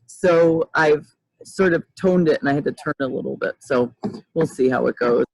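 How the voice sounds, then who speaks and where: A woman's voice: deep voice, moderate pace, vocal fry, darkish tone, husky, dry recording, rough recording. A woman in her fifties hosting a casual livestream chat over a video call, rambling and restarting often. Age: 50s. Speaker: host, life coach.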